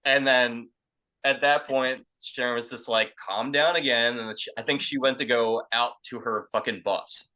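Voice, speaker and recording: A man's voice: mid-range voice, fairly even intonation, moderate pace, rough recording. A young man casually telling a crude story, rambling and profane, full of fillers. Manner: rambling, profane, filler-heavy, acts out quotes loudly. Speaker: podcast storyteller.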